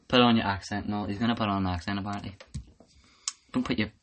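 A man's voice: fairly low pitch, moderate pace. A young man co-hosting a casual podcast, joking, laughing a lot and bossing his friend around. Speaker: podcast co-host. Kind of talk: casual chat. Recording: faint background noise.

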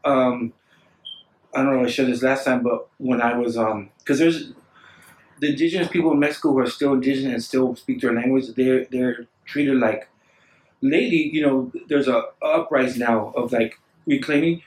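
A man telling stories in casual chat, rambling and animated, acting out the voices of people he quotes. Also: mid-range voice, normal speed. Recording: echoey room, distant mic.

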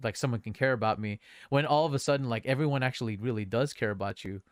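A young man chatting on a podcast, a rambling, animated storyteller who restarts his sentences often. His voice sits mid-range and sounds close and dry, with no room around it. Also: medium pitch, quick pace, clean tone, no echo. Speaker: podcast co-host. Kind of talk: casual chat.

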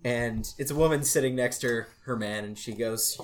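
A man's voice: medium pitch, normal speed, few pauses. A man telling puns among friends in a wry, good-humored way.

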